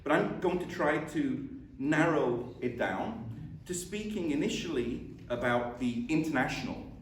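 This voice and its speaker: A man's voice: fairly high pitch, animated, unhurried. A middle-aged man with a mixed British accent, tinged with Scottish and Baltic sounds, giving an academic lecture in a self-deprecating way, with many fillers and repeated words. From born in the UK, raised in England. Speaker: visiting professor. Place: lecture room. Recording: echoey room from far off, faint noise.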